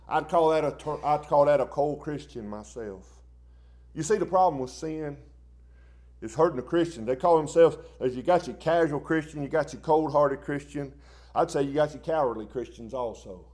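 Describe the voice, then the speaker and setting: A man preaching a sermon in a folksy, plain-spoken way, dropping to quiet asides and rising into loud impassioned bursts. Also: on the high side, normal speed.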